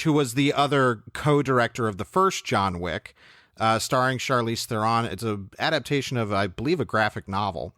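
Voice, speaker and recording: Guy cohosting a movie podcast, measured and opinionated, mid pitch, dry close mic. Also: fairly bright tone, dry recording. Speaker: podcast co-host. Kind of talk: casual film review chat.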